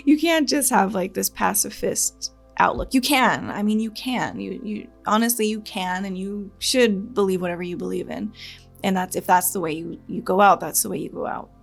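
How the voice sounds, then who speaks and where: Gravelly-voiced woman reacting earnestly. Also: medium pitch. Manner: earnest, rambling, laughs nervously when upset. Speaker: reaction channel host. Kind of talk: casual reaction commentary.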